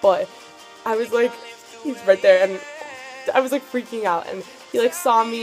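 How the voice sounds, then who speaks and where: A teenage girl telling a story on her vlog in an excitable, gushing way, full of "like" fillers. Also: a little high, normal speed, long pauses. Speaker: vlogger. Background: background music.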